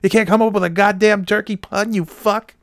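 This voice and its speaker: A man putting on a furious, foul-mouthed male news anchor boss who yells insults and curses nonstop. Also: sits high, steady tone, fairly quick, dry recording, clean studio sound, pitched above the performer's own voice. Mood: enraged. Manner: yelling insults, cursing nonstop.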